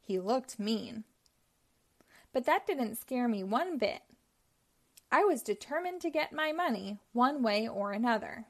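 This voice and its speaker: This woman brings a children's picture book to life with expressive reading; her voice is fairly high, her pace a little slow, and she pauses often.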